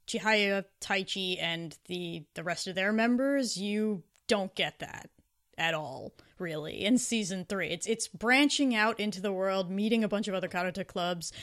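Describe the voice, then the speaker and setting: A woman's voice: on the low side, fairly bright tone. A woman co-hosting a podcast, talking casually and enthusiastically about shows, sometimes acting out the lines she quotes. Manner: enthusiastic, acts out quoted characters. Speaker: podcast co-host. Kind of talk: casual podcast review chat.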